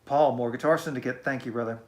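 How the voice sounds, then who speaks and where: A man's voice: medium pitch, steady tone, fast. Chatty man reading live-stream comments. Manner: warm, chatty, self-deprecating. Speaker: musician hosting a live stream. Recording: echoey room.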